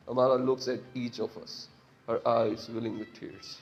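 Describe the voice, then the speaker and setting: A man reading an interactive story game's narration aloud in a plain, steady way. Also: mid-range voice, normal speed, muffled recording, faint music behind. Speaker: player narrating.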